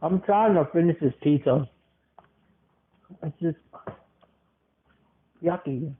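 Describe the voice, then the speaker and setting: A man's voice: a little high, slow pace. A man hosting a podcast, rambling casually, repeating words and leaning on fillers. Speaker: podcast host. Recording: tinny phone-line sound.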